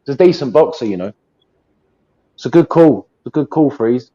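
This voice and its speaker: Chatty English man, mellow voice. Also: mid-range voice, expressive, normal speed, breathy edge, muffled recording. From England. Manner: chatty, rambling, says mate. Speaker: co-host. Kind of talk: casual boxing chat.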